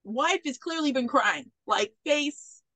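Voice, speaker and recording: Podcast host, woman, swearing freely through a lively film recap; high voice, dry close sound. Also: slow pace, no echo. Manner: animated, profane storytelling. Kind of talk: casual movie recap chat.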